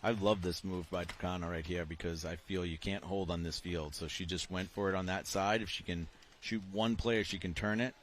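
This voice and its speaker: A man's voice: low voice, fairly even intonation, brisk, a little hiss or hum. A middle-aged man with a Boston accent doing live sports commentary, explaining tactics as the play unfolds.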